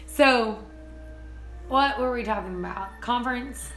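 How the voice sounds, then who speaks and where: An excitable woman chats casually on her vlog, giggling as she tells stories. Her voice sits a little high and rings bright and forceful. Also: a little slow, soft background music. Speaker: homesteading vlogger. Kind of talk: casual chat.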